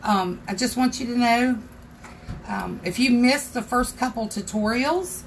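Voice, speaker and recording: A chatty woman hosts a casual craft tutorial livestream from her home craft room. Her voice sits fairly high, and she greets viewers by name as she works. A faint background noise runs under the recording. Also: measured pace.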